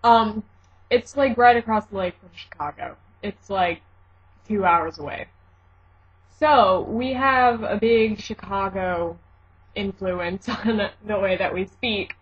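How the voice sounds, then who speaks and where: A young woman with a blended Midwestern and South Jersey accent talks slowly through a casual vlog, full of fillers and self-corrections. Her voice is a little husky. The audio is muffled and lo-fi, like a home webcam recording. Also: mid-range voice. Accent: mixed Midwestern and South Jersey. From Southwest Michigan. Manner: chatty, rambling, many fillers and self-corrections. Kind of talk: casual vlog, reading a word list. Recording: dull lo-fi home video audio.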